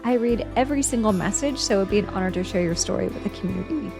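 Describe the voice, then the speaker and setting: A woman's voice: medium pitch, expressive, very fast, gravelly, over music. Emotional woman podcast host. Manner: emotional, on the verge of tears; heartfelt with many restarts and fillers. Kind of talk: personal storytelling.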